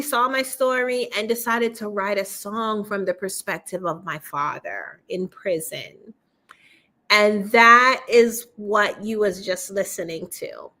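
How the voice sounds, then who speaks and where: A woman hosts a casual livestream, answering viewers directly. Her voice sits slightly high, and she tells her own story candidly and conversationally, with easy fillers. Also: a bit bright.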